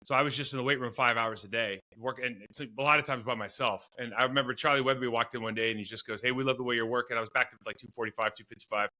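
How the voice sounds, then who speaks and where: Bright-voiced former football player telling stories. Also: male voice, medium pitch, rapid-fire, hardly any pauses. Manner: rambling, self-deprecating storyteller with many restarts. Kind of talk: storytelling in a podcast interview.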